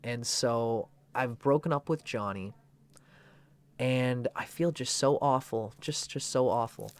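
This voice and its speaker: A man doing a hushed, heartbroken young woman. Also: medium pitch, slow pace, clean tone, natural voice. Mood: hurt. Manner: hushed, confiding. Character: upset young woman confiding a breakup.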